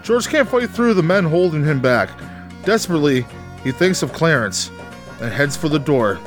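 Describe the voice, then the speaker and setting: A man's voice: on the high side, lively intonation, moderate pace, faint music behind. A man narrating a crude comedic script read-through, ad-libbing rude jokes, laughing and stumbling over words.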